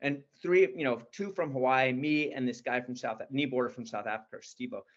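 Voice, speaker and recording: A man's voice: mid-range voice, brisk, muffled recording. A man in his sixties, an interview guest telling stories in an enthusiastic, rambling way. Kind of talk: casual storytelling.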